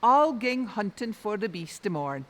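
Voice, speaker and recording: A woman's voice: mid-range voice, very animated, moderate pace, a bit bright. A woman with a Doric Scots accent voicing a plucky young crofter lad, muttering worriedly to himself. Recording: long reverb.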